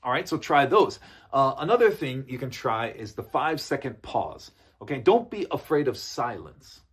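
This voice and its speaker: A man teaching business in a relaxed spoken lesson, often checking in with "okay?". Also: medium pitch, moderate pace, husky. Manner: relaxed, repeats points, ends with "okay?". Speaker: English coach. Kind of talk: casual spoken lesson to camera.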